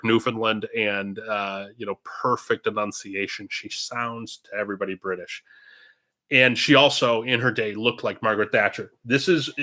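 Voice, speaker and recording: Male parish priest, streaming from home, meandering talker, lowish voice with a forceful edge. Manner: chatty and meandering, drifting between topics. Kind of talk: casual livestream Q&A. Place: indoors at home, own room. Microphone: computer streaming setup.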